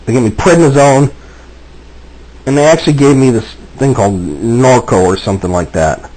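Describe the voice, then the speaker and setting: Husky, agitated man ranting. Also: mid-range voice, moderate pace, dark tone, rough recording. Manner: agitated, repetitive, frequent restarts. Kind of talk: agitated personal video monologue.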